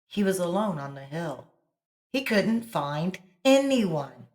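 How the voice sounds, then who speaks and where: A woman hosting her channel and reading a bedtime story aloud in a slow, expressive way. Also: lowish voice. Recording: roomy echo.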